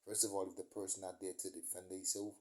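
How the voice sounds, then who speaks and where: A man's voice: sits low, level tone, quick pace, mellow. Profane New man ranting. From New York, USA. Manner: profane, emphatic street talk. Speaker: vlogger. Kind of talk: ranting storytelling monologue.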